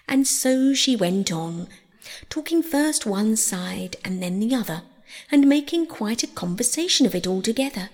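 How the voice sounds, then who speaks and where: Expressive woman reading a storybook. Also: mid-range voice, normal speed, big-room sound. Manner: expressive, acts out each character. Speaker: audiobook reader. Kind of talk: storybook narration.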